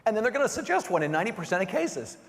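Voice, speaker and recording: A middle-aged man giving an energetic keynote on sales, often checking in with the audience by asking "right?" and "okay?". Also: sits high, racing. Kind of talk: motivational keynote presentation. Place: large conference hall. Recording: long hall reverb.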